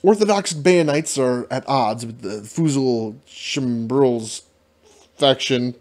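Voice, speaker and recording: A man reading a solo fantasy adventure aloud as dungeon master, in an ordinary mid-range voice. He trips over the fantasy names and laughs at himself in quick asides. The reading itself is steady and plain. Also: medium pitch. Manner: self-deprecating, stumbles over fantasy names.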